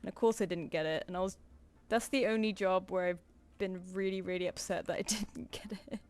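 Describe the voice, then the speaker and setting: A young woman chats loosely while she draws live for viewers. She laughs often, swears casually and wanders from story to story in an easy, mid-pitched voice. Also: steady tone, a little fast, darkish tone. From United Kingdom. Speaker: streamer. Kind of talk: casual chat while drawing on stream.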